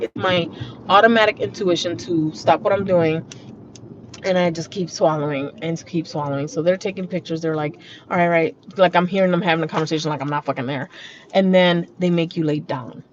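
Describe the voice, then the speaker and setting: A woman's voice: on the low side, moderate pace. Blunt, profane woman vlogging from her car. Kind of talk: casual car vlog monologue. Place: car while driving. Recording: muffled lo-fi audio with road noise. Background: traffic and road noise.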